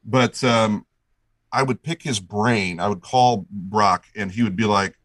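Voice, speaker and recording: A man's voice: lowish voice, a little slow, fairly bright tone, no room sound, low-quality recording. A middle-aged man telling a long story as a guest, enthusiastic and rambling, restarting his sentences often. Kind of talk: casual storytelling chat.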